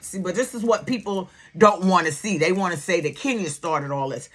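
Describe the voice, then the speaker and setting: A middle-aged woman talks straight to her viewers in a casual vlog. She is loud and blunt and swears freely. Grief over a loss shows at times in her voice. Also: medium pitch, fairly quick, hardly any pauses. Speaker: YouTube reality-TV commentator.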